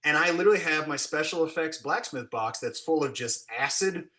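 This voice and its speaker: A man, a special effects blacksmith, telling set stories in a casual, animated way and acting out what people said. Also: a little fast. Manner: animated, acts out quotes with big pitch jumps. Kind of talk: casual storytelling.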